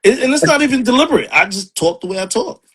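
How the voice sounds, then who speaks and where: A man's voice: very high voice, big pitch swings, fast, fairly bright tone, husky. A man with a New York accent, a poet, talking casually in an interview with lots of streetwise slang and laughter. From Harlem, New York.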